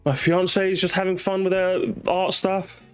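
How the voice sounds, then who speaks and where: A young man chatting casually while streaming a racing game with viewers, excitable and swearing, repeating himself in bursts. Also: high voice, unhurried, clear, resonant tone. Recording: game music behind.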